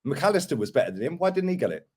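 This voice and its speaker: Animated ranting football fan. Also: male voice, mid-range voice, rapid-fire, breathy edge. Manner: animated, ranting, mocking other fans. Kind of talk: heated casual football chat.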